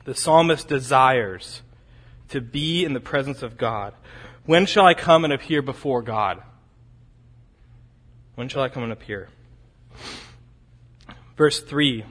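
A man preaching an expository sermon. He repeats key phrases for emphasis and swings between loud, urgent peaks and quiet, low drops. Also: animated, slow, long pauses, big-room sound.

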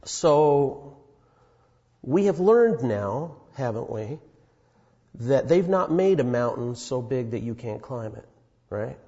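A man voicing a male drill instructor who speaks low and quietly, with cutting menace. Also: expressive, takes it slowly, long pauses. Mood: quietly menacing. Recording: dull, echoey hall sound.

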